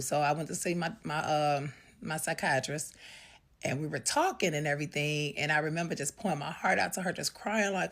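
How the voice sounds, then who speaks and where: A middle-aged woman telling a painful personal story in a raw, halting, conversational way. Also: deep voice, vocal fry, fairly bright tone.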